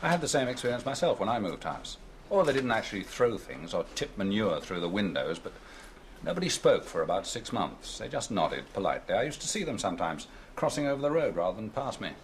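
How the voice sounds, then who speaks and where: A man's voice: lowish voice, big pitch swings, fairly quick, a little hiss or hum. A dry, sardonic senior policeman. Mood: wry. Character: dry, wry senior male police officer. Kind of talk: 1970s television police drama.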